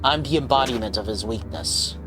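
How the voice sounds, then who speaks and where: A cruel, contemptuous spirit posing as a scornful father, as a man puts it on. It sneers through its lines at a middle pitch. Game music plays clearly behind. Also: brisk, natural voice. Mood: sneering.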